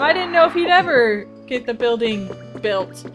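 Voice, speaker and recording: A woman playing a cozy video game and chatting excitedly, bubbly and self-mocking. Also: fairly high pitch, normal speed, over music. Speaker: let's play host. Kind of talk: casual game commentary.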